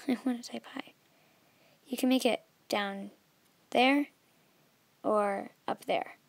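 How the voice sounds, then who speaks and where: A woman's voice: a little high, fairly even intonation, slow, gravelly, dry recording. Chatty young woman, dry close sound. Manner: chatty, filler-heavy, trails off softly. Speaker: video tutorial maker. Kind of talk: casual screen tutorial.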